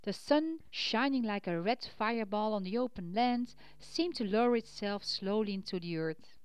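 A woman reading a storybook aloud, gentle and expressive, trailing softly at sentence ends. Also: medium pitch, normal speed, clean tone, dry recording. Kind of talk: storybook narration.

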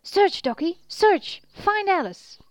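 A woman's voice: very high voice, big pitch swings, slow, no echo, voice pushed up, heavily acted. A woman voicing a curious, easily puzzled young man in a children's storybook who keeps asking questions. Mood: eager.

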